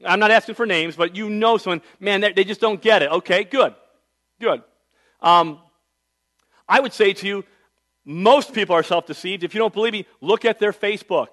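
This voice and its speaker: Middle-aged man preaching, kinda high voice, chatty storytelling, gets loud then drops quiet. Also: moderate pace. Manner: conversational storytelling with wide swings in loudness. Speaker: pastor. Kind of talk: sermon.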